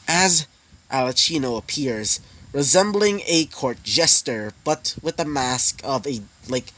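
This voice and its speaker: A man's voice: mid-range voice, bright, forceful tone, poor audio. A man narrating a fan story casually, rambling with many fillers.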